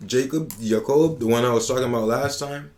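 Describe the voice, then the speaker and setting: A man hosting a casual podcast who tells stories in an animated, slangy way, with lots of profanity. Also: mid-range voice, quick pace. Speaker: podcast host.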